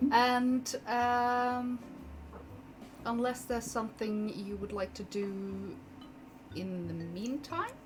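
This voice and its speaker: Brief: woman game master, leisurely narration, easy laughs, hissy noisy recording. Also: fairly high pitch. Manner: unhurried, full of fillers, laughs often. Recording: noisy background hiss.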